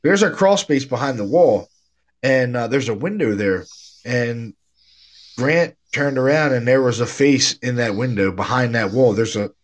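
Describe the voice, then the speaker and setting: A man hosting a casual podcast, his voice at an ordinary middle pitch. He tells ghost stories in a loose, laid-back way, with a slightly stuffy nose. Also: animated, moderate pace. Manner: laid-back storytelling, says "man" and "dude" a lot. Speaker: podcast host, paranormal investigator. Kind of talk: casual chat.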